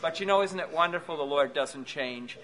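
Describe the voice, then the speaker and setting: Guy preaching at a conference, high bright voice, gentle, asks the room questions, bit of background noise. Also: moderate pace. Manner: gentle, with rhetorical asides to the hearers. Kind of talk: sermon. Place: conference hall.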